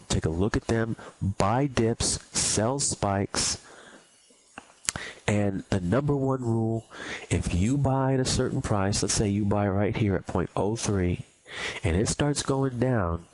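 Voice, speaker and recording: A man's voice: on the low side, a little mellow. A man teaching a recorded trading lesson, blunt and emphatic, hammering his points home by repeating them. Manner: acts out anxious beginners in mock quotes. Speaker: trading instructor.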